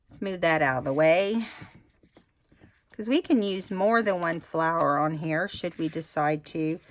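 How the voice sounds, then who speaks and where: In an unhurried, low-pitched voice, a woman walks through a craft tutorial for her vlog. She keeps it chatty, musing aloud as she goes.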